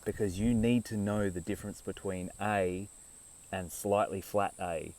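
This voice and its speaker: Low-voiced man talking from off-mic. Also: fairly even intonation, unhurried, darkish tone, far from the mic, rough recording. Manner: rambling, conversational, with restarts and laughs. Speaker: speaker on esoteric topics. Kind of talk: casual live talk.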